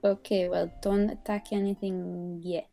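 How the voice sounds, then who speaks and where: A woman plays in a tabletop game, speaking slowly in a friendly, slightly hesitant way. Her voice is mellow and warm. Faint music sits behind her. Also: medium pitch, level tone, vocal fry. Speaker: player. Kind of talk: in-character tabletop role-play.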